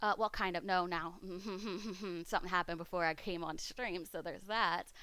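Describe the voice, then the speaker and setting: A woman's voice: on the low side, steady tone, a little slow, pushed and bright, clear, resonant tone, dry recording. A woman streamer chatting casually, swearing freely as she rants. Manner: profane, ranting. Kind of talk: casual chat. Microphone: streaming mic.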